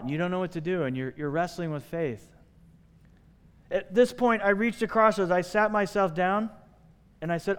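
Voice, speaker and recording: A male pastor preaching a sermon, telling stories with lively voicing of the people he quotes. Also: high voice, smooth. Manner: animated storytelling, acting out quoted voices. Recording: long hall reverb.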